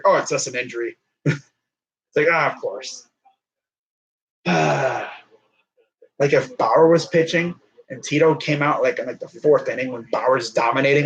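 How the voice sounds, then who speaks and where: A man's voice: medium pitch, low-quality recording. A man streaming as a baseball fan, giving rambling, joking, slangy live commentary on a game.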